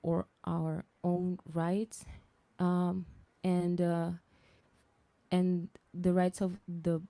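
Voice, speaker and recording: A woman speaks slowly and haltingly, stopping often to restart her sentences as she gives personal testimony. Her voice sits low and dark, with a flat, even delivery. The sound is dry and close. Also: no echo. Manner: hesitant, searching for words with many restarts. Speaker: guest speaker.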